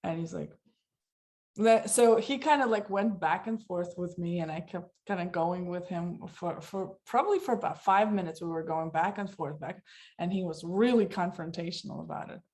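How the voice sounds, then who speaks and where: A woman with a middle-pitched voice tells a story in a relaxed, chatty way. She acts out each person in the story as she goes. She sounds lively and expressive. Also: moderate pace. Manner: animated, acts out voices of people in her story. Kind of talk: casual storytelling.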